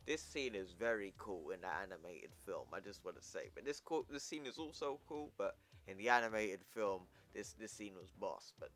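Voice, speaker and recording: A man's voice: on the low side, a bit bright. A man casually retelling a comic book story in slangy, offhand narration for his video channel. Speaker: comic book recap YouTuber.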